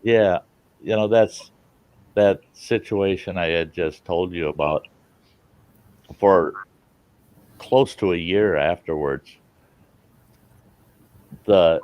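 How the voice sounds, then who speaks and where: A man's voice: deep voice, darkish tone, dry recording, highs cut off. A middle-aged man hosting a casual chat, talking earnestly and from the heart. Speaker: channel host.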